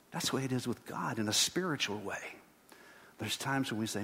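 A man's voice: mid-range voice, lively intonation, fairly quick, a bit bright. A middle-aged man preaching a sermon as pastor, earnest and building to emphatic repeated lines. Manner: earnest, rising to emphatic repetition. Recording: long hall reverb.

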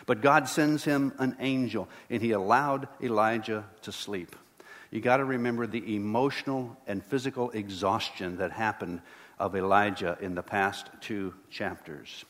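A man's voice: on the low side, steady tone, normal speed, fairly bright tone. A middle-aged man preaching a sermon as pastor, earnest and building to emphatic repeated lines. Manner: earnest, rising to emphatic repetition. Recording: long hall reverb.

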